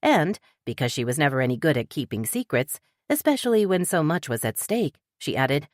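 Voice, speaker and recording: A woman narrating a cozy mystery audiobook with lively character reading. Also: low voice, fairly quick, few pauses, dry recording, clean studio sound. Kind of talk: scripted narration.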